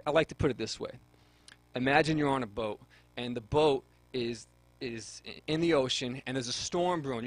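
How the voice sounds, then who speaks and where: A man's voice: medium pitch, no echo, poor audio. Earnest young man sharing his testimony. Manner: earnest, repeats words while searching for them. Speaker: guest. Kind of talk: personal faith testimony on a radio talk show.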